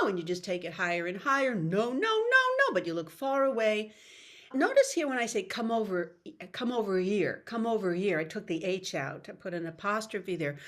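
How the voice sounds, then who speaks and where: A middle-aged woman voice coach giving an upbeat, explanatory online workshop lecture over a video call. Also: medium pitch. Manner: upbeat, explanatory, breaks into sung demonstrations.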